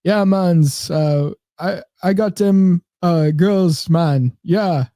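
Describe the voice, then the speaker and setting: A man's voice: high voice, extremely slow, warm tone, no room sound, clean studio sound. A man voicing a laid-back young man with a put-on Jamaican accent who keeps tacking on "man". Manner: drawling, repeats "man".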